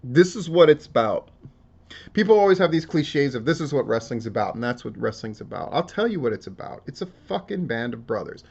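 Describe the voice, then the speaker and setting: A man's voice: fairly high pitch, very animated, fairly quick, vocal fry, a little mellow, husky, lo-fi sound. Profane, rambling man talking wrestling. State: tearing up. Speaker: wrestling news commentator. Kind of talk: casual solo commentary.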